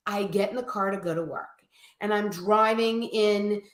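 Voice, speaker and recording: Animated woman telling a story. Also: medium pitch, moderate pace. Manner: animated storyteller, acts out quoted voices. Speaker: guest. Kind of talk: casual storytelling in a live chat. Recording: echoey room.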